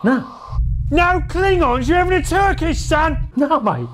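A man voicing an excitable Cockney spaceship crewman on a noisy, distant line. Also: very high voice, a little slow, voice pushed up. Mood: excited.

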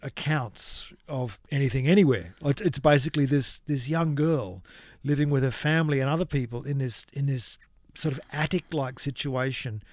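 A man's voice: medium pitch, normal speed, few pauses, darkish tone, no echo. A man co-hosting a casual chat, steering the talk and explaining things at length. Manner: chatty, leads the conversation, explains at length. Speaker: co-host.

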